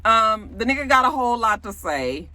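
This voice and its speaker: A woman's voice: on the high side, sing-song, normal speed, sharp tone. Sassy, blunt woman recapping gossip. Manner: sassy, blunt, gossipy, with frequent asides and profanity. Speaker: reality TV recap vlogger. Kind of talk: casual recap commentary.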